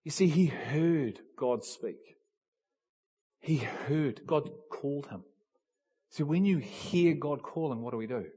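A man preaching a sermon, swinging between hushed lines and loud cries and acting out little dialogues. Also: fairly high pitch, slow, slightly rough.

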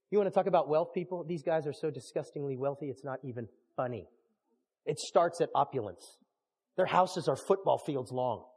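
A man preaching a sermon as a storyteller, animated, swinging from hushed lines to shouting. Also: a little high, brisk, slightly rough, in a large hall. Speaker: pastor.

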